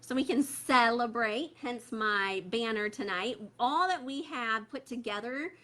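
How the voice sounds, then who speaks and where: Woman host, casual livestream chat, close phone mic, bright and slightly high, filler-heavy. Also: a little slow. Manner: chatty, many fillers, reads viewer comments aloud. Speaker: host of a parent membership group. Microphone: phone held close.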